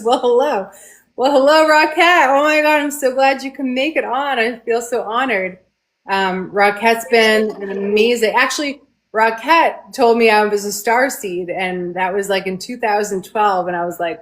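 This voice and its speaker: A woman in her thirties co-hosts a casual spiritual conversation. She tells stories in an animated, excitable way and her voice sits at a middle pitch for a woman. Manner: animated storyteller, excitable, laughs. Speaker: co-host.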